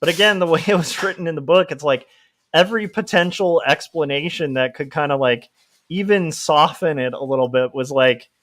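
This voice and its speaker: A man's voice: fairly high pitch, fairly quick, a bit bright. A young man chatting casually and rambling with lots of fillers while he draws on a livestream. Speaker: livestreaming comic artist.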